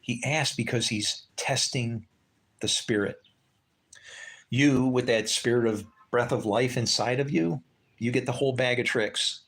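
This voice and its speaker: A man's voice: mid-range voice, unhurried, fairly bright tone, breathy edge. A man giving an informal Bible teaching, talking conversationally, asking his listeners rhetorical questions and swearing now and then. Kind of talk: casual unscripted Bible talk.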